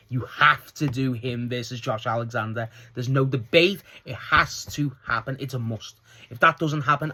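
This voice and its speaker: A man casually reviewing a wrestling show on his own, excitable and swearing freely as he recounts the segments. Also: medium pitch.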